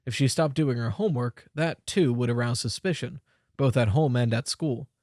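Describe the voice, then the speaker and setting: Young male audiobook narrator, middle-pitched, expressive, dry close mic. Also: normal speed, dry recording. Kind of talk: scripted narration.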